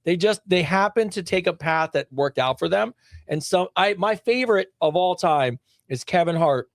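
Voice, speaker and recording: Animated, dry-mic male podcast co-host. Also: sits high, normal speed, no room sound. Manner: animated, emphatic, lots of restarts. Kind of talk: casual chat.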